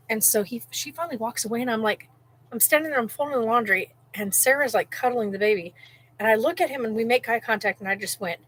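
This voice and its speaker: A woman vlogger telling a story in a rambling, animated way, full of "like" and restarts, while cooking at home. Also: on the high side, fast talker, rough recording. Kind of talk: casual storytelling.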